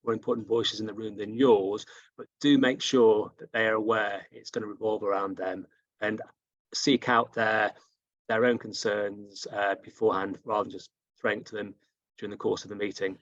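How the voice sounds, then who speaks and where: A man joining a workshop over a video call, explaining his points in a measured way. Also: lowish voice, flat delivery, dry recording. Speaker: workshop participant. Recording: dull, dry video-call audio.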